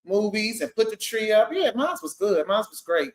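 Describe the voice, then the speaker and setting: Animated woman chatting on a podcast. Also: mid-range voice, moderate pace, echoey room. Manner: laughs easily, animated. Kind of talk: casual chat.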